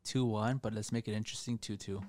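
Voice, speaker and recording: A man's voice: on the low side, fairly even intonation, quick pace, a little mellow. A man on a casual football podcast, laughing and teasing the others between picks. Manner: laughs often, teasing banter. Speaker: podcast co-host. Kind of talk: casual sports prediction chat.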